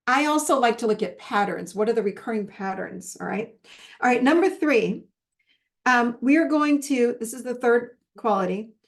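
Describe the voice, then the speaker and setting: A woman with a somewhat high voice teaches like a relationship coach. She is animated and chatty and mixes personal anecdotes into the lesson. Her sentences restart often, the way someone talks off the cuff. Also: moderate pace. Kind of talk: casual teaching talk.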